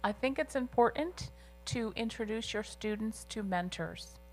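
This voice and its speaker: A woman voices a deaf guest's signed answers during an interview, speaking in a measured, slightly halting way. Her voice is a little high, with faint music in the background.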